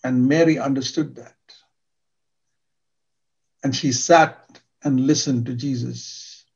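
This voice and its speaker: A man's voice: mid-range voice, fairly even intonation, slow pace, creaky, highs cut off. An older man preaching a sermon in an earnest, emphatic way, repeating key words for stress.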